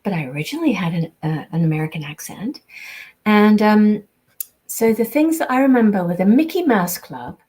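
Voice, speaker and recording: A woman's voice: mid-range voice, lively intonation, moderate pace, mellow. An older woman, born in the US and raised in England, chatting casually on a livestream as she reads fan messages and signs prints. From born in the US, raised in England from age seven. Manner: chatty and rambling, full of ums and restarts. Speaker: voice actress signing prints for fans.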